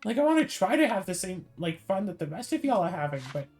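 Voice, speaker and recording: A woman's voice: medium pitch, fast. A woman streamer ranting casually while she plays, her voice rising and falling with a lot of life. She sounds tired, and her sarcasm keeps breaking through, with faint game music behind her. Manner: animated, sarcastic, mocking put-on voices. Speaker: gaming streamer. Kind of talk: casual ranting over gameplay.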